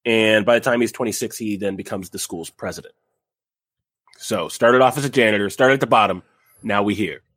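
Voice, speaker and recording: A man's voice: lowish voice, brisk, a bit bright, no echo. Podcast host, male, young adult, casual rambling storyteller, dry close mic. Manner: rambling, frequent fillers and restarts, jokey asides.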